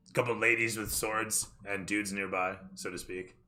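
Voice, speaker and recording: A man narrating a tabletop game as game master, talking in a hurried, self-correcting way with casual swearing. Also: fairly low pitch, fairly even intonation, bright, forceful tone.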